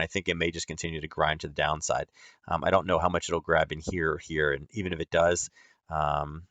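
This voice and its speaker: Low-voiced man talking through trading charts. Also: a bit bright, dry recording. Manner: loose and chatty, full of "um" and "like", talking to viewers. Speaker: trading educator hosting a nightly chart stream. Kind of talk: casual live chart commentary.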